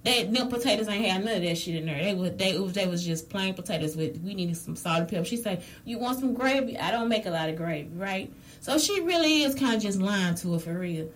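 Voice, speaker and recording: A woman's voice: medium pitch, expressive, fast talker, rough recording. A woman vlogger telling a story in a casual rant, blunt and profane, speaking straight to her viewers.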